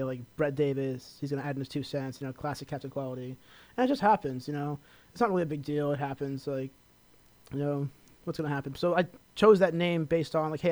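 A young man from Los Angeles hosts a college radio talk show in a rapid, chatty ramble full of fillers and self-promotion. His voice sits a bit higher than most men's. The sound is dry and close, with no room around it. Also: no echo. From Los Angeles, California. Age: young adult. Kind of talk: casual solo radio talk.

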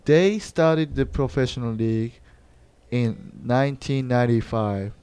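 Mellow, hesitant radio host. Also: male voice, medium pitch, unhurried, clear, resonant tone. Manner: relaxed, hesitant with many fillers. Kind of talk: casual radio chat.

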